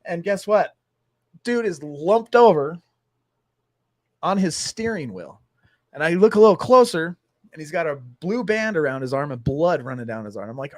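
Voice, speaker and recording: Man, host, animated storytelling, fairly high voice, dry close sound. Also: moderate pace, pauses often, no room sound. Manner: animated storyteller acting out dialogue. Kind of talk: casual talk-show storytelling.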